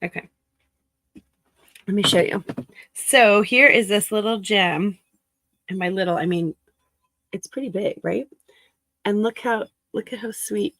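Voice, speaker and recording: A woman's voice: mid-range voice, measured pace, long pauses, fairly bright tone, no room sound, rough recording. Chatty, giggly woman, dry sound. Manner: chatty and giggly, many fillers, greets viewers by name. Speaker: reseller chatting with livestream viewers. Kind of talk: casual livestream chat while working.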